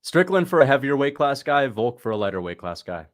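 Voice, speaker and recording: Excitable man live-streaming fight reactions. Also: medium pitch, brisk. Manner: excitable, talks to chat, sudden shouts at big moments. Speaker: livestream host reacting to fights. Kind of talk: casual live commentary.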